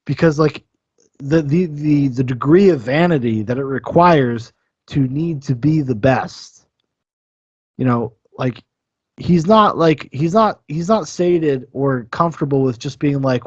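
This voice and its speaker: A man's voice: mid-range voice, a little slow, slightly rough, no echo, highs cut off. A man hosting a podcast, talking in a rambling, profane, enthusiastic way about a film. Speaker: podcast host. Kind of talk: casual film-review chat.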